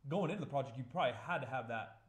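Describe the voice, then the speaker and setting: A man's voice: medium pitch, expressive, rapid-fire. Laid-back man reasoning aloud in a roomy space. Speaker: podcast co-host. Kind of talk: casual podcast chat. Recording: roomy echo.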